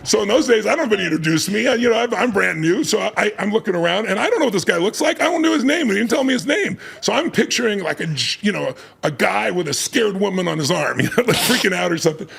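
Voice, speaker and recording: A man's voice: high-pitched, sing-song, fast talker, creaky, hardly any pauses, fairly bright tone, slightly rough. A man telling a story emphatically as a guest in a casual conversation, laughing often as he talks.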